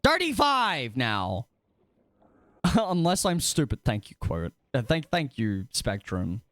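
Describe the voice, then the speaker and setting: A young man streaming a game live, chatting to his viewers in a rambling, excitable, self-mocking way. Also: mid-range voice, takes it slowly, no echo. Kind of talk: casual gaming livestream chat.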